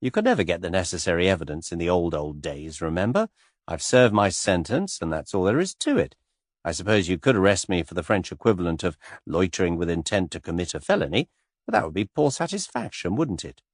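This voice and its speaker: Man doing a cool, amused gentleman. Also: low-pitched, huge pitch swings, no room sound, clean studio sound, full character voice. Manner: light, teasing, unhurried.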